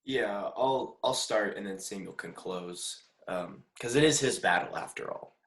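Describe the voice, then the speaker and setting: A man's voice: lowish voice, measured pace, fairly bright tone, reverberant. A young man co-hosting a casual podcast, making a playful mock-earnest case. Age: young adult. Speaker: podcast co-host.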